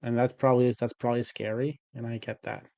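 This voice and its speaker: A man's voice: medium pitch, flat delivery, fast talker, gravelly, dark tone, no echo. Rambling man playing a self-styled CEO. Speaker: player. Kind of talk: in-character improvised talk at a tabletop game.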